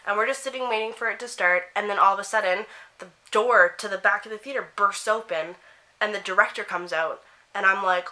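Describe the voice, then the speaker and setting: A young woman chatting excitedly to camera in a casual vlog while doing her makeup at home. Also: medium pitch, a little fast. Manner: gushing, excitable storytelling. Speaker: vlogger. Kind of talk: casual chat.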